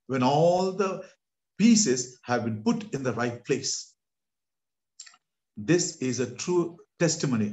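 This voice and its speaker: A man preaching a sermon, telling a story with animated delivery that swells at dramatic moments and addressing listeners as beloved. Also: mid-range voice.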